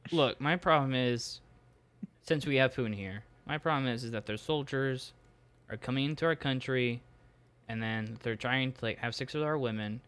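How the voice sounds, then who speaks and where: A man's voice: medium pitch, fairly bright tone, clear, resonant tone, natural voice. A young man playing a rambling, aggrieved Latvian spokesman. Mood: complaining. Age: young adult. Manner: rambling, halting, full of fillers. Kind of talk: improvised comedy role-play.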